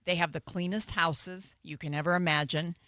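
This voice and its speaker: A middle-aged American woman trades stories on a radio talk show, animated and acting out every quote. Her voice is bright and forward. The sound is dry and close. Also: lowish voice, normal speed, no room sound. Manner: animated storyteller, acts out quotes. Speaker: radio co-host. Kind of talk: casual radio chat.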